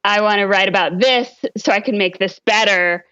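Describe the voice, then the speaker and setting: A woman guest on a podcast, telling stories in a relaxed way with frequent ums. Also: medium pitch, normal speed, clean tone, highs cut off. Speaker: guest expert. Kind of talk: podcast interview.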